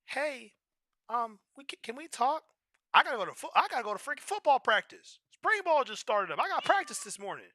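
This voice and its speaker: A woman's voice: fairly high pitch, sing-song, brisk, bright, forceful tone, dry recording, studio quality, pitched above the performer's own voice, heavily acted. A man voicing his teenage girlfriend, coy and teasing, hesitant and full of ums. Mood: urgent.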